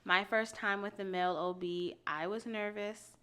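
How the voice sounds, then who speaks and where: A woman with a bright, forceful voice talks casually on a podcast. She jumps in to correct and add her side of things, teasing her co-host as she goes. Her pitch sits at an ordinary middle level. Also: fairly even intonation, normal speed, smooth. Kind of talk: casual conversation.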